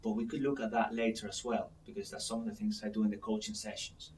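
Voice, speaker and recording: A man acting as a mindset coach, guiding an exercise in a calm, slow manner. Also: fairly low pitch. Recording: voice from a distance to the mic, faint noise.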